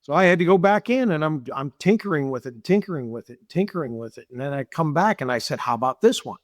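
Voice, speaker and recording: A man's voice: on the high side, quick pace, dry recording, studio quality. A middle-aged man, a business owner, telling stories in an interview and acting out the dialogue he quotes. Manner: animated, acts out quoted dialogue, repeats himself. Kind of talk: casual interview storytelling.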